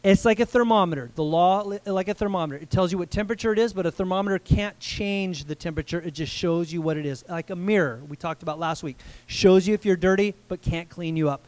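A man's voice: sits high, quick pace, few pauses, dry recording. A man preaching a sermon as pastor, earnest and emphatic, often putting questions to the congregation.

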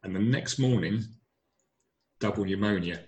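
A man's voice: lowish voice, normal speed, a little mellow, highs cut off. A middle-aged man, telling his personal story earnestly and emphatically, often repeating his words. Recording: echoey room.

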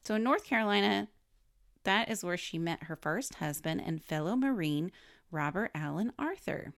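A woman co-hosting a relaxed chat podcast, her voice pitched low with a gravelly fry running through it. She reads through her prepared notes in a chatty way, stopping to explain things and laugh along. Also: moderate pace. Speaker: podcast co-host. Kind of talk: casual chat, reading researched biography notes.

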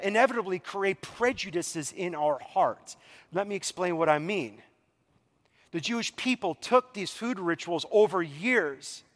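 A middle-aged man preaching a sermon as pastor, animated and often acting out the voices he quotes. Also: sits high, big-room sound.

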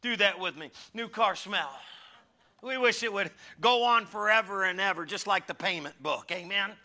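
A middle-aged man preaching a conversational sermon with humorous stories, animated, moving from loud calls to hushed asides. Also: high-pitched, normal speed. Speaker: pastor.

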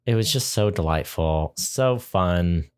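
A man's voice: deep voice, animated, slow pace, clean tone. A young man co-hosting a podcast, chatting casually and joking with frequent laughs. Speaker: podcast co-host. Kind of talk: casual chat.

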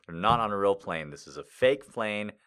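Male comic reader, bright voice, lively swings, swears through asides. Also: on the low side, moderate pace, a little hiss or hum. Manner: incredulous, profane asides, frequent laughing. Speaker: comedy reader. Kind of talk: comedic reading with asides.

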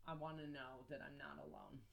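A woman's voice: low-pitched, flat delivery, brisk, creaky, a little hiss or hum. A young woman chatting on a comedy podcast. She talks candidly and with self-deprecating humor, and her thoughts ramble and circle back. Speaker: podcast co-host. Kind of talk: casual comedic chat.

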